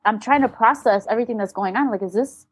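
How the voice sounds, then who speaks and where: A woman's voice: a little high, fast talker, breathy edge, no room sound. A woman talking as an interview guest, telling a personal story candidly and bluntly, with swearing and re-enacted dialogue.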